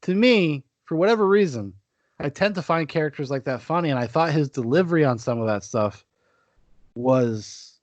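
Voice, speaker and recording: A man's voice: a little high, expressive, normal speed, no echo, muffled recording. A man hosting a casual podcast chat, swearing freely and slipping into mock-boastful rants. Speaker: podcast host.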